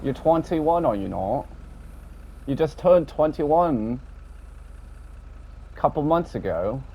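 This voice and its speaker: A man rambling casually about an online game session, swearing often and tacking on a low, dropped "mate". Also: lively intonation, takes it slowly, breathy edge. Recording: dull lo-fi audio with faint background noise.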